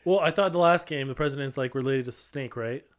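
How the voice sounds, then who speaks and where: A man co-hosting a podcast, listening to a game plot and cutting in with curious questions and short reactions. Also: mid-range voice. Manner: curious, asks quick questions and reacts with laughs. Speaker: podcast co-host hearing the story. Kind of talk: casual chat.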